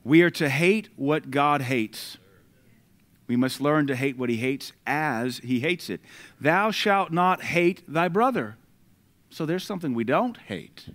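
A man, preaching a sermon and swinging between loud declarations and quiet asides. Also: on the high side. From United States.

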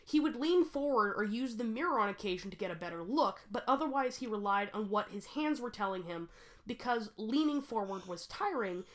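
A woman's voice: fairly high pitch, expressive, a little fast. Laughing woman telling a story. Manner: laughs often, reads history with joking asides. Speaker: podcast host. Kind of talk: casual storytelling chat.

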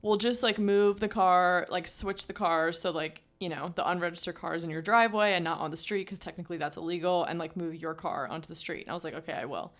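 A woman's voice: fairly low pitch, fairly even intonation, quick pace, few pauses. A young woman co-hosting a podcast, telling a story in casual chat, full of "like" fillers. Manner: chatty storytelling with many "like" fillers. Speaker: podcast co-host.

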